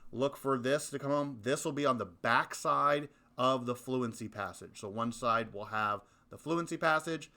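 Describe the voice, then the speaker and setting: A male school principal with a mid-pitched voice talks parents through a reading program. He speaks emphatically, leaning on key words and repeating them for effect. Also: normal speed, hardly any pauses, pushed and bright.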